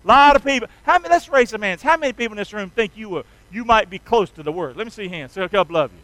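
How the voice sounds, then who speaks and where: High-voiced, energetic preaching man. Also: fast, hardly any pauses, dry recording, low-quality recording. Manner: energetic call-and-response with the congregation; folksy, emphatic preaching. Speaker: pastor. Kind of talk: sermon.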